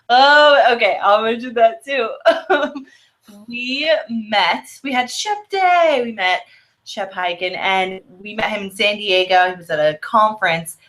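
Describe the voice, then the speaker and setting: A woman's voice: mid-range voice, fairly bright tone. A woman co-hosting a casual video-call chat, bubbly and rambling with frequent giggles. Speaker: co-host. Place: home office, video call.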